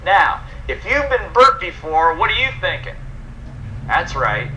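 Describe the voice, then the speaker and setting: A man's voice: on the high side, sing-song, unhurried, pushed and bright, a little hiss or hum, rough recording. A man presenting a personal development program, talking emphatically and putting questions to his audience. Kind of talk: motivational seminar talk.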